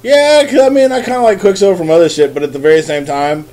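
A man's voice: high voice, steady tone, fast talker, darkish tone. A man co-hosting a casual podcast chat, blunt and profane with short dry retorts. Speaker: podcast co-host.

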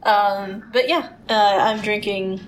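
A woman's voice: medium pitch, fairly even intonation, slow pace, a little hiss or hum, low-quality recording. A woman co-hosting a casual podcast over drinks, rambling chattily with fillers. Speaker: podcast co-host.

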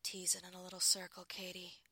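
A woman doing a calm, commanding lover on the phone. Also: on the low side, brisk, husky, no echo, exaggerated voice.

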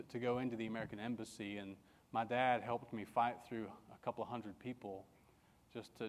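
A middle-aged man from England, a pastor giving a sermon in a halting, personal storytelling way with many restarts. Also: fairly low pitch, long reverb tail, slight background noise.

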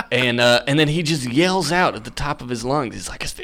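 A man's voice: mid-range voice, brisk. Man telling a spooky story casually. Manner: animated, filler-heavy storytelling. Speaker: podcast guest.

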